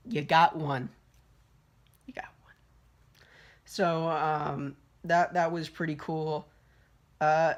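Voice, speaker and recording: A young woman giving a casual, rambling film review, swearing freely and full of fillers and restarts. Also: lowish voice. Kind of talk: casual spoken movie review.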